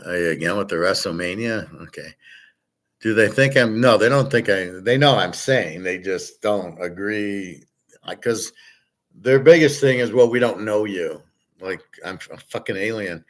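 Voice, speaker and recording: A man hosting a casual stream, talking bluntly and in a rambling way, swearing and answering chat comments. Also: fairly low pitch. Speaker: host. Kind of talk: casual livestream talk on betting and gold.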